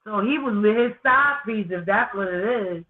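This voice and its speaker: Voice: mid-range voice, normal speed. A co-host chiming in with short reactive comments in a casual chat. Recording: tinny phone-like line.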